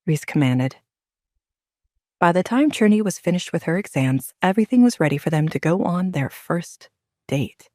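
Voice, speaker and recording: A woman with a notably low voice reads a romance story in a measured, even way. The sound is very close and dry, with no room echo at all. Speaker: audiobook narrator. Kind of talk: scripted narration.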